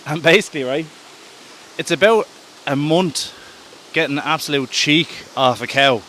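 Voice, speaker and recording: An Irish man with a bright, lively tone tells a story while walking in the woods, filming himself on camera. He rambles and corrects himself casually. A faint outdoor hiss sits behind him. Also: a little high, measured pace. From Ireland. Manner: chatty, rambling, self-correcting. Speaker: podcast host. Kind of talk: casual storytelling on a woodland walk. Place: outdoor woodland walk. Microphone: self-held camera while walking.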